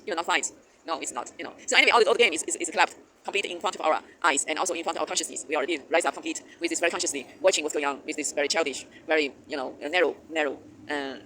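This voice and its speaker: A man giving a spiritual monologue as host of his channel, halting with many fillers and restarts and laughing often. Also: fairly high pitch, bright, forceful tone. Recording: noisy background hiss.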